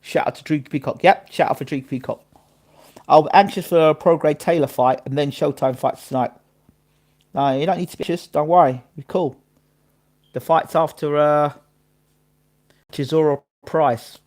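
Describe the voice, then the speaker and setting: Male live-stream host, casual boxing chat, somewhat high voice, keeps shouting out viewers. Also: moderate pace, pauses often. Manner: chatty, shouting out viewers by name and place.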